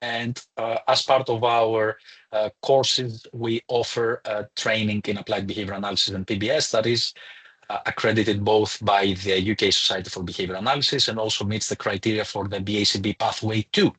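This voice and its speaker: A man's voice: lowish voice, fairly even intonation, brisk, fairly bright tone, slightly rough. A man, a lecturer, hosting a live online webinar in a chatty, welcoming way with some fillers, speaking into a computer mic.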